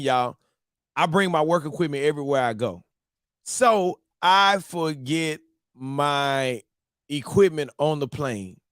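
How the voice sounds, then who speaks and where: Man, live-stream morning show host, animated storyteller, slangy, slightly higher pitch, dry close sound. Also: no room sound. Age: adult, married. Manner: animated and slangy, addresses viewers as "y'all". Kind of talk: casual storytelling to a live chat.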